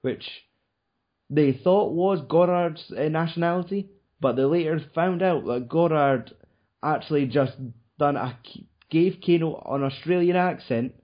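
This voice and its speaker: A man's voice: a little high, unhurried, dull audio. A man hosting a casual podcast chat, rambling and swearing often. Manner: swears a lot, rambling with fillers. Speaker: podcast host.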